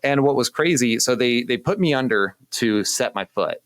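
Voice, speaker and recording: A young man, a youth pastor, casually telling a personal story with animated, self-deprecating humor and acted-out quotes. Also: medium pitch, moderate pace, dry recording. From Indiana, US. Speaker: youth pastor, podcast co-host.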